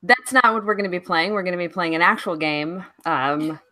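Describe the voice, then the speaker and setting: A woman's voice: fairly low pitch, brisk, bright, forceful tone. A woman co-hosting a comedy podcast, playfully riffing on the jokes. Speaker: podcast co-host. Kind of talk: casual comedic chat.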